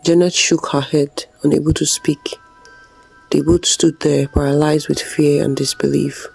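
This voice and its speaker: Storyteller reading a spooky folktale, steady middle voice, light music under it. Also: medium pitch, measured pace, vocal fry, breathy edge, low-quality recording. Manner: dramatic, suspenseful reading. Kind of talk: scripted narration of a folktale.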